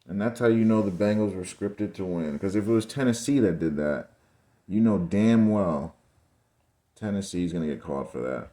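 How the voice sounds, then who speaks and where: Deep-voiced man ranting about plays. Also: normal speed, mellow. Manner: exasperated ranting, keeps addressing viewers as guys and bro. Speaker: football commentary channel host. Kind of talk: casual video commentary over game footage.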